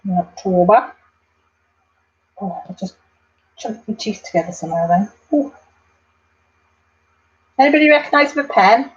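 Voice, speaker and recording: A woman's voice: medium pitch, lively intonation, measured pace, pauses often, dull audio. A woman hosting a casual craft livestream, chatting and reading out viewer comments. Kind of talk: casual live chat while crafting.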